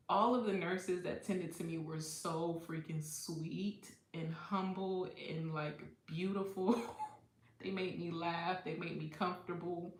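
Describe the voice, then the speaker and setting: A woman hosting a livestream tells a personal story in casual storytime chat, her lowish voice carrying a roomy sound. She's candid and profane, laughing often.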